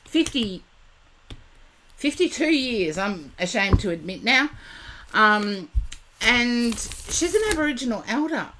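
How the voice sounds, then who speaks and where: A woman's voice: a little high, lively intonation, bright, forceful tone. An Australian woman in her fifties, a psychic chatting casually with viewers on a live stream, rambling and digressive. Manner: chatty and digressive, drawn-out words.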